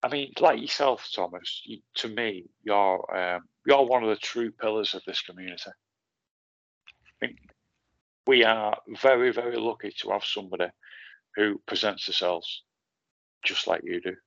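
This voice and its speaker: A male podcast host with a low, gravelly voice, gushing and repeating mate to his guest. The sound is dry and close, a bit muffled and lo-fi. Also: unhurried, a bit bright, dry recording. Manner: effusive, calls the guest mate constantly. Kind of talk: casual conversation.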